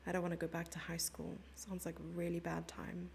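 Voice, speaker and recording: A woman's voice: fairly low pitch, completely flat delivery, fairly quick, vocal fry, a little hiss or hum. A young South African woman commentating a chess stream live and chatting with her viewers in a giggly, casual way. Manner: chatty, giggly, reads chat messages aloud.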